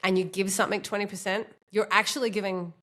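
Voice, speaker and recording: A podcast host interviews a guest, chatting casually, laughing easily, and warmly thanking them. Her mid-range voice is level and fast, and she sounds nasal from a cold.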